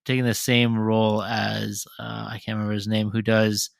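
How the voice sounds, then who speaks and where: Low-voiced hesitant podcast host. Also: male voice, completely flat delivery, normal speed, creaky, no echo, clean studio sound. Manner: hesitant, many ums and restarts. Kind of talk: casual chat.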